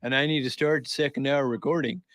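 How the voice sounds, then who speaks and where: A man's voice: mid-range voice, fairly even intonation, fairly quick, fairly bright tone, dry recording. Wry male radio co-host. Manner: wry, laid-back quips. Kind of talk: casual radio banter.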